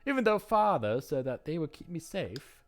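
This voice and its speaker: An earnest young princess, as a man puts her on with a raised voice. Her lines stay curious and sincere, with a lively rise and fall. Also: a little high, moderate pace, voice pushed up. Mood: pleading.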